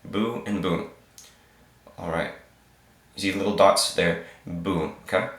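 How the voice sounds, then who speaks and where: A man with a very low voice walks learners through a reading lesson at his computer. He goes slowly and patiently, repeating every sound. The room adds a noticeable echo. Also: fairly bright tone. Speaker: Hebrew teacher. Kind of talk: screen-share reading lesson. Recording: roomy echo.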